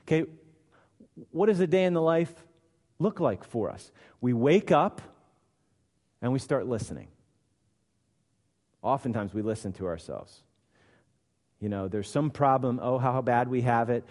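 A man preaching a sermon in a church hall, his voice trailing off in a long echo. He acts out the voices he quotes, rising to loud and dropping to hushed. His pitch sits in an ordinary middle range. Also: lively intonation, measured pace, long pauses. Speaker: pastor.

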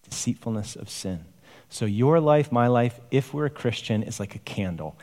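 A man's voice: mid-range voice, lively intonation, moderate pace, darkish tone, big-room sound. A male pastor preaching a conversational sermon, asking rhetorical questions and sighing in asides.

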